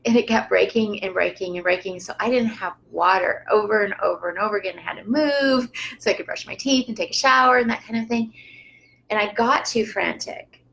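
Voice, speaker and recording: A woman teaching yoga on a live stream, gently guiding listeners through a slow breathing practice with soft laughs now and then. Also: medium pitch, gravelly, rough recording. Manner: calm, unhurried guidance with frequent soft laughs.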